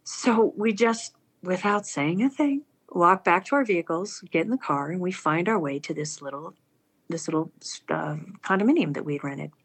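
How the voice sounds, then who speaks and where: A woman's voice: on the low side, moderate pace, breathy edge. A woman earnestly telling a personal story aloud, acting out the people she quotes. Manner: earnest, animated, acts out quoted speech.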